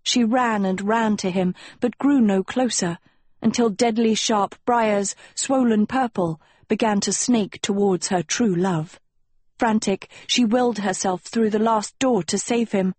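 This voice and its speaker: A woman reads a fantasy audiobook in a slow, measured storytelling manner. Her voice has a husky texture at a middle pitch. The recording is close and dry. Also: darkish tone, no room sound. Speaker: audiobook narrator. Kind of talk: scripted narration.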